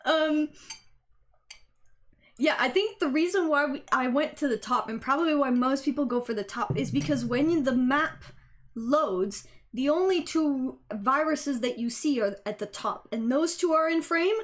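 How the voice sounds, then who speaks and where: A woman with a high, light voice commentates her own gameplay on a live stream. She talks casually and excitably, swearing freely as she reacts and explains what is happening. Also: measured pace. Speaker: game streamer.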